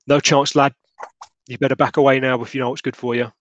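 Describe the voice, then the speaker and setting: A man voicing a gruff, blunt Victorian police constable in a tabletop game. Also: medium pitch, level tone, fast, a bit bright, muffled recording, lightly acted. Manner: blunt, dismissive.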